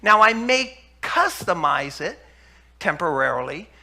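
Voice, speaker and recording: A man lecturing an audience on health and acting out his stories in lively fashion. His voice sits fairly high for a man, with a gravelly rasp and a bright, cutting tone. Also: measured pace. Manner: animated storyteller, acts out dialogue, laughs. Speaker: health speaker.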